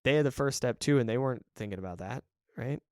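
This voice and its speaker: Chatty encouraging man, smooth dry voice. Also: mid-range voice, quick pace, no room sound. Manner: chatty, encouraging, self-correcting with small laughs. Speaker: podcast host. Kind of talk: casual solo podcast talk.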